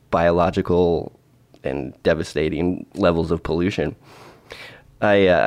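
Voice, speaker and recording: A man telling a travel story in a casual vlog, rambling with restarts and dry asides. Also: low voice. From Oregon, United States. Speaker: vlogger.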